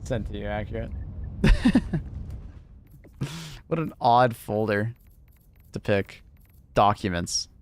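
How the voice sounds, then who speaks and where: A man's voice: on the low side, takes it slowly, long pauses, slight background noise. A man casually chatting with his viewers on a gaming livestream, laughing often and answering chat.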